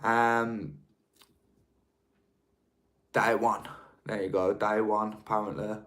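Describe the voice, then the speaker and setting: A livestream host from England with a Birmingham accent chats casually and answers viewer comments. His voice is lowish, slightly bright and flat in delivery, and he speaks slowly. He rambles chattily, restarting often.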